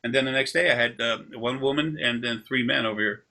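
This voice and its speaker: Over a video call, a man working as an energy healer explains things loosely and easily during a session, rambling and drifting into long anecdotes. His voice is medium-pitched, bright and forward, with a quick pace.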